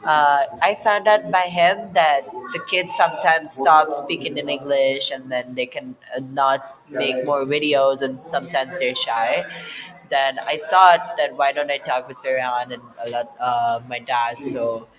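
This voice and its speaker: Young man, mid-pitch, chatty, crowd noise behind. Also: fairly even intonation, unhurried, low-quality recording. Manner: chatty, leans on fillers like "so yeah" and "specifically". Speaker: guest. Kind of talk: casual interview answers.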